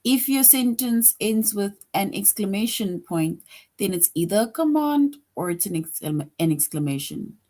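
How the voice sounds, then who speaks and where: A woman's voice: medium pitch, animated, moderate pace, dark tone. A woman teaching a grade school grammar lesson, patient, repeating each point and often checking in with "right?".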